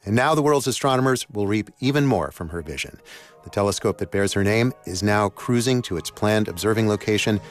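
A man reporting a radio news story in a measured, clear voice. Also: on the low side, animated, soft background music. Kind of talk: scripted radio news narration.

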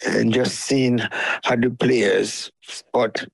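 Slow, gravelly older man, hoarse. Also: mid-range voice, steady tone, no room sound, rough recording. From Haiti. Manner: slow, earnest and proud. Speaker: football fan. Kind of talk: interview clip.

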